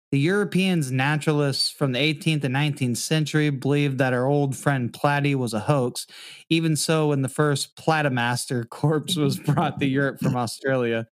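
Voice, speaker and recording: A man's voice: on the high side, no echo, studio quality. A man co-hosting a podcast in casual chat, joking, swearing and laughing as he reads facts aloud. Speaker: podcast co-host.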